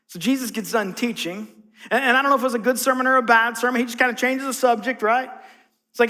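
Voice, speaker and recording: A man's voice: very high voice, brisk, bright, forceful tone, in a large hall. A man preaching a conversational sermon as a pastor, acting out the voices in his story. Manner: conversational, acts out quotes.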